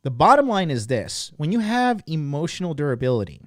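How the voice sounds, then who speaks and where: A man's voice: on the high side, a little fast, dry recording. Man in his thirties, podcast host, blunt, profane, emphatic, dry close sound. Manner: blunt and profane, full of "like" fillers; animated and emphatic. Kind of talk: casual monologue promoting a course.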